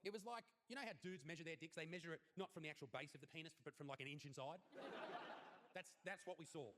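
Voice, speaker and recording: Australian male stand-up, crude brash set, rapid-fire, slightly high voice. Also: a little hiss or hum. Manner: brash, crude, punchy deadpan delivery. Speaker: stand-up comedian.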